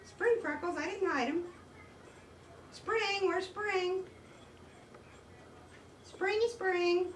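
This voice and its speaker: A woman's voice: very high voice, very slow, pauses often, echoey room, distant mic. A woman at home, talking to her dog in a coaxing, sing-song pet voice with lots of repetition, in a noisy home video. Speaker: dog owner and hostess. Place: indoors at home.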